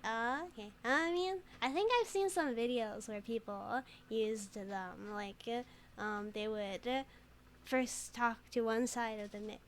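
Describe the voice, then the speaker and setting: A woman's voice: a little high, slight background noise. A woman streamer chatting and giggling while reading game text aloud, in casual gameplay commentary.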